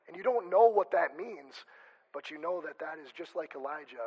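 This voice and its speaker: A man's voice: on the high side, a little fast, darkish tone, slightly rough, rough recording. A male pastor preaching a conversational sermon, chatty and joking, often stopping and restarting mid-sentence. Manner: chatty, self-interrupting, joking asides.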